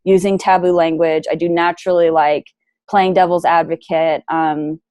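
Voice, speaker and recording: A young adult woman speaking as an interview guest, frank and lively in casual chat. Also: fairly low pitch, moderate pace, no room sound. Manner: frank and lively, plays devil's advocate.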